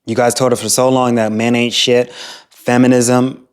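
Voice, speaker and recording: A man's voice: mid-range voice, level tone, normal speed, clear, resonant tone. A man hosting a reaction video, ranting in a crude, scornful way about the clips he plays. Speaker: reaction host. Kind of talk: reaction commentary.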